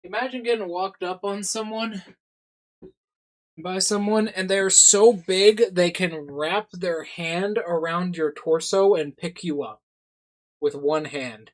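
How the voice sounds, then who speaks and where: A streamer reacting to a game on a livestream, swinging from low mumbles into profane, mock-furious shouting rants. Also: slow pace, no echo.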